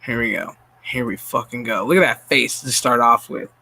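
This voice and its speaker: A man's voice: medium pitch, normal speed, gravelly, bright, forceful tone, husky. A man hosting a stream, ranting in casual, profanity-heavy commentary with a sarcastic, exasperated manner and frequent stammered restarts. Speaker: streamer host.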